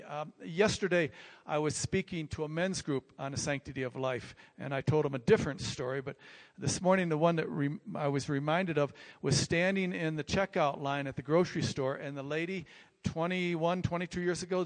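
An older man, a pastor, telling a personal story in sermon style, rambling and repeating himself, growing animated. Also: on the high side. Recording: long reverb from a large hall.

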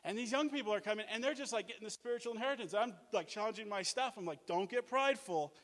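Animated high-voiced man preaching. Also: racing, long reverb tail. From Australia. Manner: energetic, animated, jokey, acts out quotes. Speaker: guest preacher, mission leader. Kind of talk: sermon with storytelling. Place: church.

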